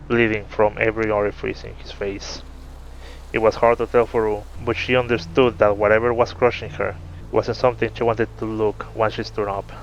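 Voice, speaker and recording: Low-voiced man reading a story. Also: a little hiss or hum. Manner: steady narration, laughs between chapters. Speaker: story reader. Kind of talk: reading a fantasy story aloud. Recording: muffled with faint music.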